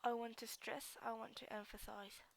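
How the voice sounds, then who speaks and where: A woman reading practice sentences aloud as a student, halting, repeating and restarting words as she drills each phrase. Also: a little high, flat delivery, gravelly. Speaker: student practicing English speaking.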